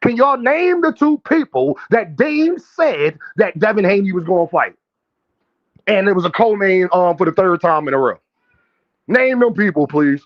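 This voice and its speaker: A man's voice: high voice, lo-fi sound. A man hosting a boxing livestream in casual commentary, brash and profane, trash-talking viewers and calling out his chat directly.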